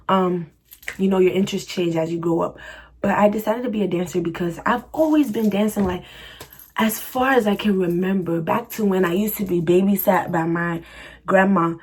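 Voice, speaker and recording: A woman's voice: on the low side, slightly rough. A young woman vlogger answering viewer questions in a chatty, slangy, laughing style. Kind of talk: casual Q&A chat.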